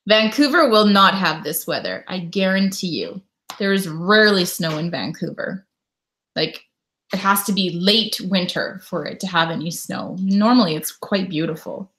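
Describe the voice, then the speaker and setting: A Canadian woman in her thirties hosts a casual live stream from home in winter, chatting about her day, greeting viewers, and reading their comments aloud. Her voice is fairly low, a bit bright, at a normal speed.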